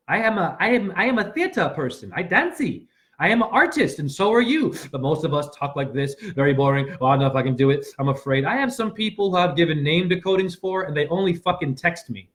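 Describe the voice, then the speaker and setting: A man, a self-styled spiritual teacher, giving a rambling livestream monologue that swings between shouting and muttering, preachy and full of loose wordplay. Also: on the high side, lively intonation, brisk.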